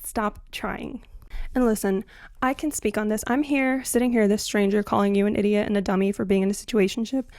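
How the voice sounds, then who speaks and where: A young woman ranting to camera about dating, blunt and sarcastic, swinging between loud outbursts and muttered asides. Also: mid-range voice, steady tone, fairly quick, dry recording, clean studio sound. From Latina. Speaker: comedic commentary host. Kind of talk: scripted comedic rant to camera.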